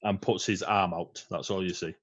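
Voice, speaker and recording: A man runs a tabletop role-playing game in a low, easygoing voice, filling pauses with ums and frequent chuckles. The sound is muffled and dull, as if it came over an online call. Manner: relaxed, laughing often, many ums and uhs. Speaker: game master.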